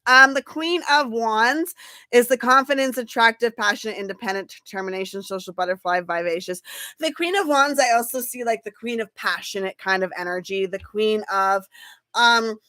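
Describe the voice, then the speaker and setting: A woman reads tarot cards for her viewers in a loose, chatty way, talking plainly and swearing without a second thought. Her voice sits a little high and rings bright and forceful, recorded close and dry with no room sound. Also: normal speed, no echo. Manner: chatty and blunt, checks in with "okay?" and "right?", swears freely. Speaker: tarot reader. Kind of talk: casual tarot reading to camera.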